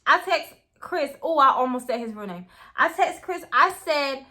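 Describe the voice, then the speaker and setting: A young woman telling a story in a casual, animated way. She swears freely and keeps talking straight to her viewers. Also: high voice, normal speed. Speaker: storytime vlogger.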